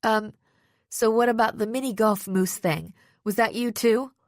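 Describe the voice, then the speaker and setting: In an audiobook with clean studio sound and no room echo, a woman voices a teenage girl detective who is scared and pleading. Her normally steady, slightly slow voice turns tense, higher, and shakier as the character begs.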